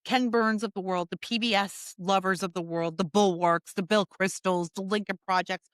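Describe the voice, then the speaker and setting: A woman's voice: mid-range voice, steady tone, normal speed, dry recording. A woman hosting a political opinion monologue, talking emphatically and sarcastically and hammering points by repeating them. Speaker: political commentator host.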